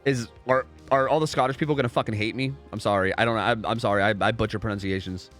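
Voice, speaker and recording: A man's voice: lowish voice, fairly even intonation, fast talker, a bit bright, soft background music. A young man casually commentating a game live on stream, rambling, repeating himself and swearing freely.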